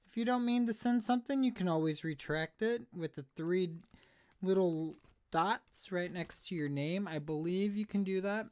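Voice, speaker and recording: A man's voice: high-pitched, moderate pace, darkish tone, no echo. A man chatting on a live stream about thrift finds, rambling and self-deprecating, sounding slightly out of breath. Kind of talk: casual live stream chat.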